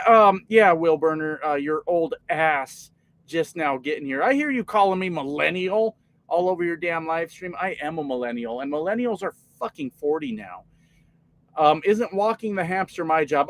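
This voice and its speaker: Trucker streamer, male, about forty, slightly high-pitched; loose, profane, rambling talk to chat. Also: animated, normal speed, no echo, rough recording. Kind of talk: casual live stream chat.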